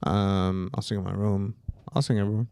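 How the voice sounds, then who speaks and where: Mellow, smooth-voiced man chatting. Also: lowish voice, level tone, brisk, dry recording, clean studio sound. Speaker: podcast co-host. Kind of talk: casual chat.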